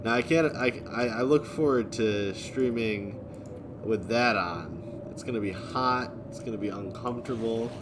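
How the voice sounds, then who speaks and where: A man live-streaming, reading and answering viewer chat in a relaxed way, chuckling often. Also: mid-range voice, slow pace, background noise. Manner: laid-back, chuckling often, thanking viewers.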